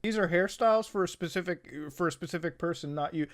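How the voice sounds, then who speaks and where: High-voiced man ranting profanely. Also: fast. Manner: profane, heated and sarcastic; chatty, addresses viewers directly. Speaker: host. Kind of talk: online commentary rant.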